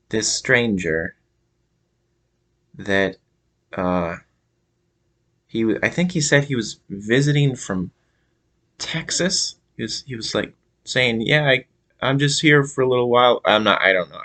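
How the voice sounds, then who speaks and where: Low-voiced man rambling through a memory. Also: animated, fairly bright tone. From Minnesota. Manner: halting, many fillers and restarts. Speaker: vlogger. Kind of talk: casual storytelling monologue.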